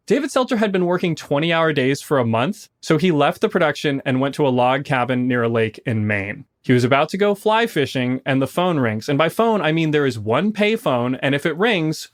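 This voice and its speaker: A man hosts a podcast, walking listeners through a story with animated, explanatory energy. His voice sits mid-range and is recorded close and dry. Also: mid-range voice, no room sound. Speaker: podcast host.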